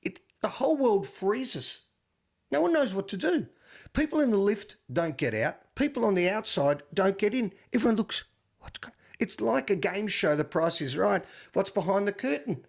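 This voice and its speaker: An Australian man co-hosting a podcast, telling animated anecdotes in casual chat with frequent stammered restarts. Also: sits high, normal speed, vocal fry. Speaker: podcast co-host.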